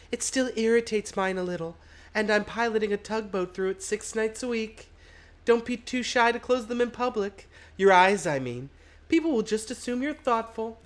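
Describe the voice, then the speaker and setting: A woman performs a video game role as a chatty, folksy tugboat pilot of middle age. She puts on a slightly hoarse voice, pushed up to a fairly high pitch.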